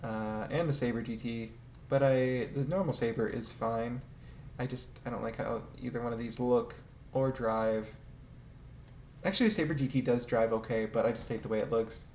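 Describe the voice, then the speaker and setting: A man's voice: mid-range voice, moderate pace, a little mellow. A man casually ranking game vehicles, rambling and hesitant, swearing now and then and laughing often. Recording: echoey room with faint ambient noise.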